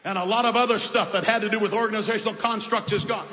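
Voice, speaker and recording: A man preaching an emphatic sermon, shouting at times and dropping to soft asides. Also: high voice, fairly even intonation, quick pace. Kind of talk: fiery sermon. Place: large hall with congregation. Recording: echoey hall, faint ambience.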